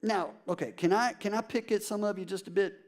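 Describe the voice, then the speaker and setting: A man's voice: high-pitched, steady tone, brisk, a little mellow. A man preaching a sermon as a pastor, emphatic and conversational, addressing the congregation directly.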